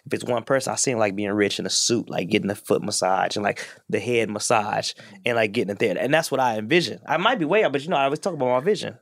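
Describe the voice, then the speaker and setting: A man's voice: fairly low pitch, fast talker, vocal fry, hardly any pauses, a bit bright, no echo, clean studio sound. Play it as a laid-back man co-hosting. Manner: laid-back, encouraging listener with brief backchannels. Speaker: podcast co-host. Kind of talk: casual podcast chat.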